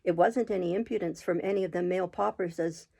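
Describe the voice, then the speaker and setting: A woman reading aloud and voicing a pompous middle-aged male parish official who woos with smooth, coaxing, self-important words. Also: on the low side, fast, warm tone. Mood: indignant.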